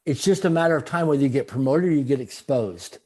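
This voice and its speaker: A middle-aged man telling stories as an interview guest, animated and repeating phrases for emphasis. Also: mid-range voice, fast. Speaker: guest speaker. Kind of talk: storytelling in a conversational interview.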